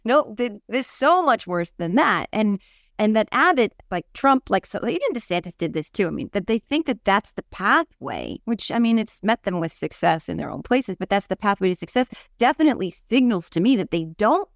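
A woman's voice: mid-range voice, sing-song, a little fast, gravelly, dry recording, studio quality. A woman hosting a podcast, chatting casually and expressively about politics, with frequent fillers and restarts. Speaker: podcast host.

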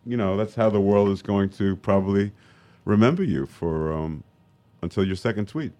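Deep-voiced man telling deadpan jokes. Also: normal speed. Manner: deadpan joke-telling, with frequent restarts. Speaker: guest actor. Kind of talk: casual podcast chat.

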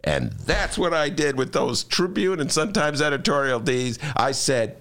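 Animated, joking older male talk host. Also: on the high side, unhurried, creaky, hardly any pauses. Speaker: radio talk show host. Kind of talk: casual talk show chat.

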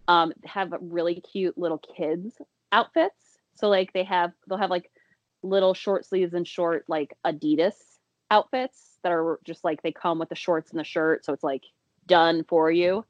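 Relaxed, rambling woman co-host with a lowish voice, dull lo-fi remote sound. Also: measured pace, no echo. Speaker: podcast co-host. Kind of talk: casual chat.

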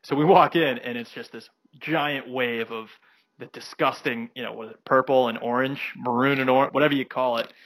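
A man's voice: mid-range voice, fairly even intonation, a little fast, fairly bright tone, dry recording. A young man co-hosting a podcast, telling a rambling anecdote full of fillers in casual chat. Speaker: podcast co-host.

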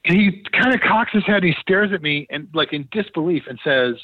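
A man, a former TV producer, tells a story in a relaxed, animated way and acts out the dialogue. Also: a little high, a little fast, no echo, phone-quality sound. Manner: animated, quotes others in reported dialogue. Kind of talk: casual anecdotal storytelling.

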